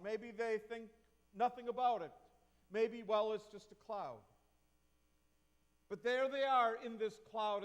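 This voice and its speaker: High-pitched guy preaching slow in a church, lots of hall echo, keeps asking the room stuff. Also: fairly bright tone. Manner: reflective, asks the congregation questions. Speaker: pastor. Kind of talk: sermon. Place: church sanctuary. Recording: long reverb of a church hall.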